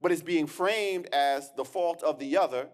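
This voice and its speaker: A man with a high voice delivers a keynote lecture as a historian. He talks in an emphatic, conversational way, stacking repeated words as he restarts and landing punchy rhetorical asides. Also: moderate pace. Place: lecture hall.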